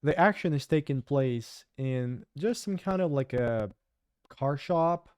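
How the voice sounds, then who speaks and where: A man's voice: mid-range voice, animated, takes it slowly, a little mellow, clear, resonant tone, no room sound, clean studio sound. Sarcastic man. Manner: sarcastic, chatty, with fillers and restarts. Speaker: host. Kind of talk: casual news commentary.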